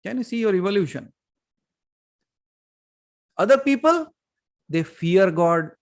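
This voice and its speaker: Male spiritual teacher, lively storyteller, a little high-pitched, plenty of rhetorical questions. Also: a little slow. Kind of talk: Q&A session on a video call.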